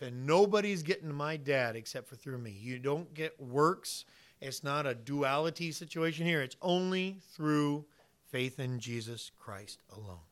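A man preaching a sermon, emphatic, swinging from quiet asides to loud, punchy points and acting out imagined conversations. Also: a little high, lively intonation, moderate pace. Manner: uses vivid hypotheticals and plays out imagined dialogue. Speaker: pastor.

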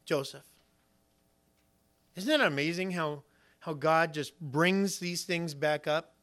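Guy preaching, kinda high voice, bright, acts out the bible story. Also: slow. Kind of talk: sermon.

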